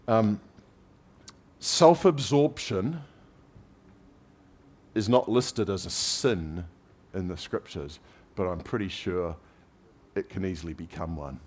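A man's voice: deep voice, slow pace, pauses often. A man preaching a conversational sermon, telling everyday stories with light humor. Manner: relaxed, anecdotal storytelling with light humor. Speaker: pastor.

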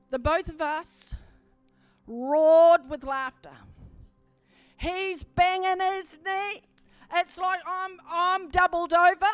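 A woman preacher telling a story in a sermon, building to emphatic, forceful swells as she preaches. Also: extremely high pitch, dry recording.

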